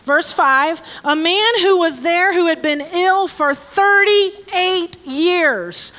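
Female preacher, very high and bright, slow scripture reading broken by sarcastic jokes at the congregation. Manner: joking, sarcastic asides to the congregation. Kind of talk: conversational sermon with Bible reading.

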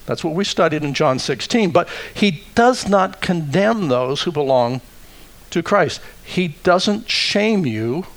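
A male pastor preaching a sermon, deliberate and emphatic, with wry asides. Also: on the high side, animated.

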